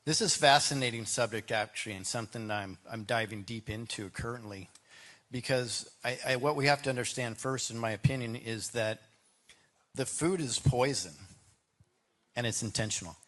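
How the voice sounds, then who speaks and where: A man's voice: mid-range voice, moderate pace, fairly bright tone. A man speaking as a political candidate in a debate, rambling, with restarts and "right?" asides. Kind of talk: debate answer.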